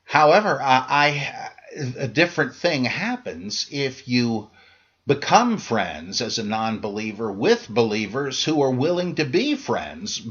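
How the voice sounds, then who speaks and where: A man's voice: mid-range voice, big pitch swings, unhurried, a bit bright, husky, highs cut off. A middle-aged man hosting a podcast, answering listener questions in a casual, digressive monologue full of fillers and restarts.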